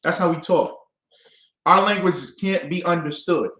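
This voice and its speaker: A man's voice: high-pitched, fairly even intonation, moderate pace, bright, forceful tone. A man leading a call-and-response Bible class, quizzing his students with emphatic questions. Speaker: class teacher. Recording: echoey room.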